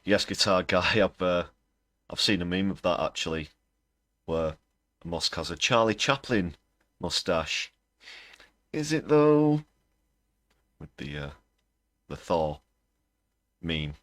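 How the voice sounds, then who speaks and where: A man's voice: low-pitched, a little slow, pauses often, pushed and bright, no room sound. A man hosting a livestream, giving scornful, sarcastic political commentary. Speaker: livestream host.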